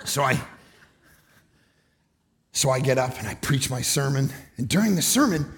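A man preaching a comedic sermon, telling stories with sudden loud, shouted bursts. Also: mid-range voice, lively intonation, moderate pace. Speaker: guest preacher. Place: church.

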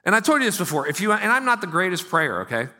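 A male pastor in middle age delivers a sermon like a conversation. His tone is bright and a bit high for a man. He swings from hushed asides to louder, animated stretches. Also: fast.

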